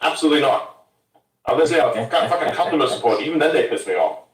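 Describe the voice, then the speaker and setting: A man's voice: a little high, expressive, fast, a crowd in the background. A man from Germany ranting bluntly and swearing in a casual podcast chat. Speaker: podcast host. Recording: roomy sound from a distance.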